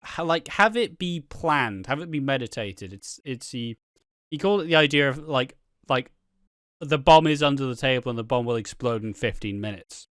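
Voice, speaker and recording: Chatty man with a smooth, dry voice. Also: mid-range voice, lively intonation, moderate pace, fairly bright tone, no room sound. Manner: rambling, swears freely, acts out quotes. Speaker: soap opera commentator. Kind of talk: casual chat.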